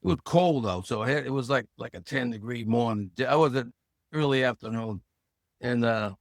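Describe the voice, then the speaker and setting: A man around seventy from Massachusetts, a podcast guest who tells lively stories and acts out the voices he quotes. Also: medium pitch, moderate pace, no room sound, studio quality. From Hull, Massachusetts. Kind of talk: casual storytelling interview.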